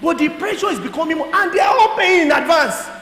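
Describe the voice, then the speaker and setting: Speaking very fast in a very high voice, a Nigerian guest speaker gives a church audience a lively personal testimony, acting out both sides of his conversations and now and then laughing and shouting. The recording has hall echo and faint noise.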